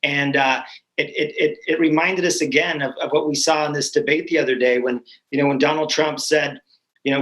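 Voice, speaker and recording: A man's voice: fairly high pitch, fairly even intonation, fairly quick, a bit bright, poor audio. A man hosting an online panel discussion, friendly and rambling, with frequent restarts. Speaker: host.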